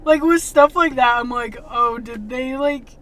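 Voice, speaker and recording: A woman co-hosting a casual movie review podcast, talking in a chatty, animated way full of "like". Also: high voice, a little slow. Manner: chatty, animated, lots of "like" fillers. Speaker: podcast co-host.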